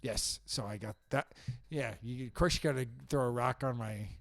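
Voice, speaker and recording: A man's voice: medium pitch, normal speed, vocal fry, fairly bright tone, dry recording. A man co-hosting a podcast, chatting casually and confidently about football picks and trades. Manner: opinionated, confident football predictions. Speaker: podcast co-host. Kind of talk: casual sports chat.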